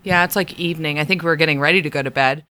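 A woman's voice: low voice, rapid-fire, pushed and bright, dry recording. A woman playing a tabletop game, teasing and cautious. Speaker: player. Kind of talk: tabletop role-play.

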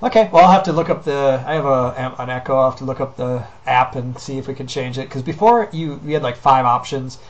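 A man's voice: medium pitch, a little fast, few pauses, highs cut off. A man co-hosting a casual podcast chat, who laughs often and swears freely. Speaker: podcast co-host.

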